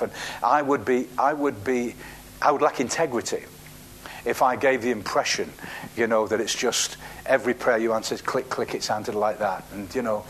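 A man's voice: lowish voice, slight background noise. A man preaching a sermon, telling a Bible story with acted-out quotes and frequent restarts. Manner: animated storytelling, acts out quotes, restarts words.

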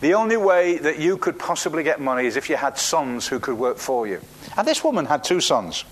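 A man's voice: on the high side, a little fast. A man preaching a sermon, telling a Bible story with acted-out quotes and frequent restarts. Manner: animated storytelling, acts out quotes, restarts words.

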